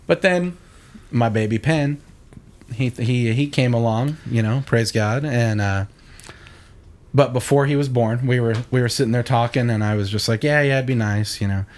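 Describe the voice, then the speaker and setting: A young adult man, a church audio engineer, telling stories in a casual interview and acting out quoted lines in a raised voice. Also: normal speed. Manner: animated, acts out quoted voices with a higher pitch.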